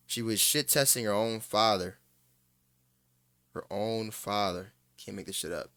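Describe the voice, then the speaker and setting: A man's voice: on the low side, unhurried, fairly bright tone, smooth, no room sound. A man giving casual reaction commentary, blunt, opinionated and profane.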